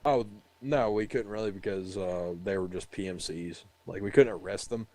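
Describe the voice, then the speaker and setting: A man's voice: deep voice, moderate pace, a crowd in the background, low-quality recording. A young man casually telling a rambling, profane story about a military checkpoint, laughing as he goes. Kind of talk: casual chat.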